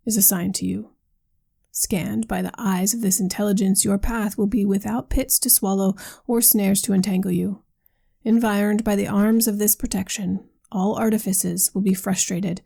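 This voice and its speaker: A woman reading the lines of a solemn, troubled young man in an old novel, speaking slowly and formally. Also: mid-range voice, vocal fry, warm tone, slightly rough. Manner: slow, grave, formal speech.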